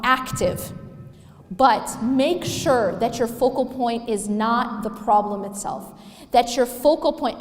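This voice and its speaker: A woman's voice: a little high, darkish tone. A woman giving a religious talk to a live audience, emphatic and asking them questions. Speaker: Islamic speaker. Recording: echoey hall with long reverb.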